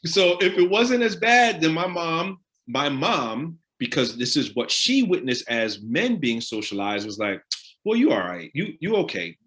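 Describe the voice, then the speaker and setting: Man, talk leader, lively swooping pitch, animated, quizzes the audience. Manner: animated, asks the audience direct questions. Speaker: discussion leader on a live stream.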